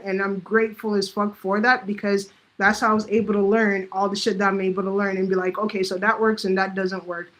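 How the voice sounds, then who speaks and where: A woman's voice: medium pitch, fairly bright tone, rough recording. A woman talking straight to camera about running a business, blunt and heavily profane, often acting out what other people said. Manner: acts out quoted voices. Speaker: vlogger giving business advice. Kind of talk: casual unscripted monologue.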